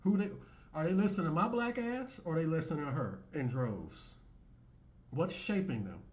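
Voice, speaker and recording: A man's voice: a little high, lively intonation, moderate pace, a little mellow. A man hosting his own commentary channel, talking bluntly and repetitively with many restarts and swearing, reacting to clips in an opinionated monologue.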